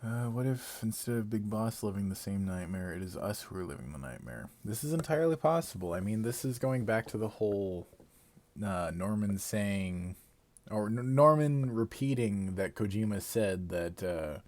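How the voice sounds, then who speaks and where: A man with a fairly low voice, talking live on a stream. He rambles through a long theory in a loose, casual way, loses his place now and then, and swears and laughs at himself. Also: lively intonation, normal speed, a little mellow.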